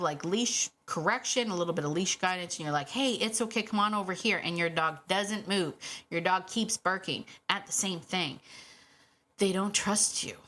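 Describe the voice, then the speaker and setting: A middle-aged woman hosting a casual solo podcast about dogs, animated and quick to act out what dogs might say, laughing often. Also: on the low side. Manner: animated, acts out dogs' voices, laughs often. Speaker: podcast host and dog trainer.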